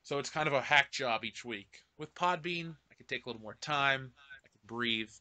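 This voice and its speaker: A man hosting a casual podcast, reading viewer comments aloud with loud, laughing, profane banter into a podcast microphone. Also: medium pitch, moderate pace. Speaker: podcast host.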